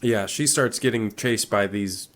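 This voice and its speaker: A man's voice: on the low side, measured pace. A man co-hosting a podcast, casually recapping a horror film, swearing freely and hesitating with fillers. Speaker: podcast co-host. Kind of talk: casual movie recap chat.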